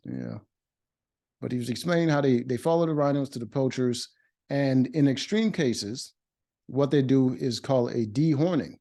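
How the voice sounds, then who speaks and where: A man's voice: mid-range voice, creaky, mellow. A man casually reviewing a reality show episode, blunt and opinionated, with many fillers and restarts. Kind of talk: casual recap commentary.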